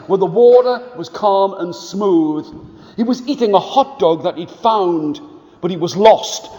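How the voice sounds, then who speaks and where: A man telling stories to schoolchildren, animated, and inviting the children to join in the actions. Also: sits high, in a large hall. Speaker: storyteller. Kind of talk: storytelling to schoolchildren. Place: school hall.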